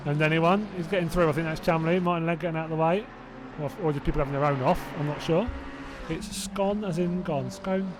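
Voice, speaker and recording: Over background noise, a fairly high-pitched man is commentating a live sim race, chatting and rambling with his viewers between calls. He hails from Hertfordshire, England, and speaks with a southern English accent. His manner is chatty and rambling, with self-doubting asides and laughter to himself.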